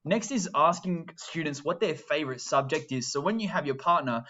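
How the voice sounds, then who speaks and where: A man teaching Italian pronunciation to a school class, modeling phrases slowly and deliberately, with dry classroom humor. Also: on the high side, expressive, pushed and bright, muffled recording. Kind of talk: recorded pronunciation lesson.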